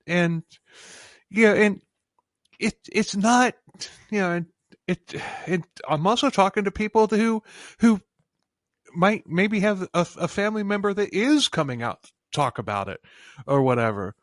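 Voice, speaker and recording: A man's voice: high voice, animated, a little slow, dry recording. A man hosting a true-crime podcast interview, talking with passion and many restarts and fillers. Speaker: podcast host. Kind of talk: casual interview chat.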